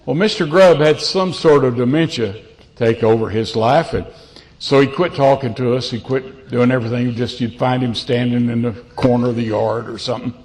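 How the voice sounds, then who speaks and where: A man's voice: mid-range voice, normal speed, darkish tone. Folksy older man telling sermon stories. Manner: folksy, self-deprecating storyteller with restarts. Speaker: preacher. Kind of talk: storytelling sermon. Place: church pulpit.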